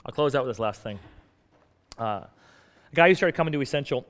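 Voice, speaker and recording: A man's voice: medium pitch, animated, a little fast, a bit bright. A male pastor preaching a sermon in a conversational way, acting out bits of dialogue. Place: church sanctuary. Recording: long hall reverb.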